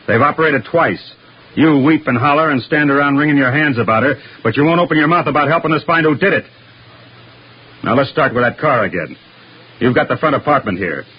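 A man's voice: medium pitch, breathy edge. An actor playing a tough, pushy male police detective who questions bluntly and hard, in 1940s radio acting style, from a dull lo-fi old radio recording. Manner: blunt, hard-pressing interrogation.

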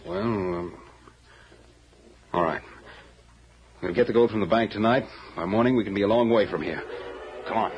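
A man portrays a cunning outlaw who hides behind a fake genteel manner, speaking low, cool and quietly menacing. The old radio recording is dull with a faint hiss. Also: moderate pace, long pauses, close to an everyday voice. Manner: cool, menacing, false posh politeness. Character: scheming outlaw posing as English gentleman. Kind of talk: 1940s radio acting.

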